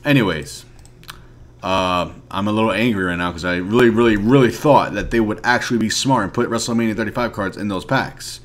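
A young man giving casual commentary on a mobile card game, ranting in frustration, swinging from mumbled asides to loud outbursts. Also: fairly low pitch, fairly quick. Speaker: mobile game video creator.

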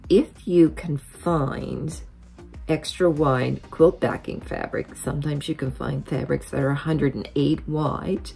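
A woman hosting a quilting software tutorial, explaining each step methodically as a voice-over. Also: deep voice, steady tone, takes it slowly, gravelly, soft background music.

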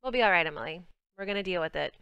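Woman, Southern US accent, young adult, game stream host, chatty, smooth voice, dry close mic. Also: on the low side, lively intonation, rapid-fire, pushed and bright, no room sound, lo-fi sound. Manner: chatty, bubbly, talks to chat while playing. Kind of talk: casual game stream chat.

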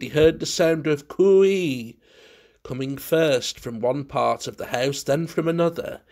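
Gravelly male ghost-story narrator. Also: mid-range voice.

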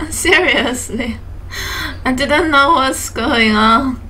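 A high, bright-voiced woman streamer talking very slowly and giggling, repeating herself. She sits away from the mic on a stream with faint music underneath. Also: distant mic, a little hiss or hum, low-quality recording. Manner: giggly, slow, repeating questions. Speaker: game streamer. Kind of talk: live stream chat.

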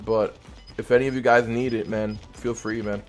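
A man chatting playfully with teammates during an online shooter, teasing and swinging between loud excitement and low mumbling. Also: normal speed, faint music behind. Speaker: gamer streaming with random teammates. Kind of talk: casual game commentary to teammates.

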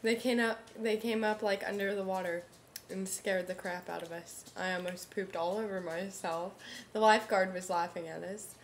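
A woman's voice: mid-range voice, fairly even intonation, normal speed, a little hiss or hum. A woman vlogger in casual chat, chiming in and finishing her friend's sentences.

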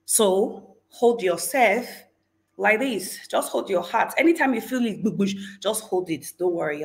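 A woman hosting a livestream, giving an animated, exclamatory faith talk and greeting viewers in the chat. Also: fairly high pitch, creaky. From Nigeria. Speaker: livestream host.

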